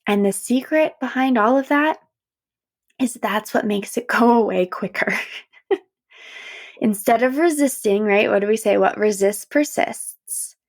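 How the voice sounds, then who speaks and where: A woman's voice: a little high, measured pace. A woman hosting a podcast, speaking reflectively and encouragingly about emotions, now and then acting out inner voices. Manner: gentle, warm-hearted, encouraging, acts out inner voices. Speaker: podcast host and coach. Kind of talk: reflective solo podcast talk.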